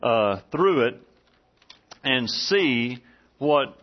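A medium-pitched man in his forties, a pastor, draws out his words with lively intonation as he gives a folksy, conversational sermon in a church sanctuary, using many "uh" fillers. The sound is dull and slightly muffled.

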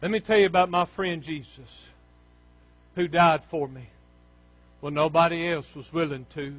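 Male pastor, high voice, fervent sermon, dry muffled recording. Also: steady tone, moderate pace, no room sound. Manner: fervent, rising to near shouts and dropping low.

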